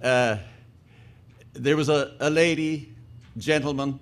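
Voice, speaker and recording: Folksy storytelling man, slightly high. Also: fairly even intonation, slow. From Newfoundland, Canada. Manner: folksy, repeats words, laughs at own jokes. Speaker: conference speaker. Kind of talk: humorous storytelling.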